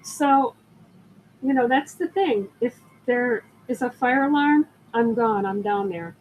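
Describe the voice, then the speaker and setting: An older woman runs a live selling stream for jewelry, talking slowly and casually in an expressive voice that sits a bit high. Between greeting viewers she wanders through chatty stories. The audio is poor, with faint background noise underneath.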